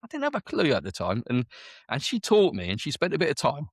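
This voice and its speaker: A British army veteran and business owner in his forties tells his story in a casual interview, chatty and full of quoted dialogue. His voice is a little high, with huge pitch swings, and he talks fast. The recording is dry, with clean studio sound.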